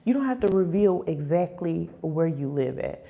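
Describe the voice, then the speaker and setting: Young woman livestreaming, low gravelly voice, animated and full of fillers. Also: normal speed. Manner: animated, acts out quoted voices, lots of fillers. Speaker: vlogger hosting a livestream. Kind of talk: casual livestream chat.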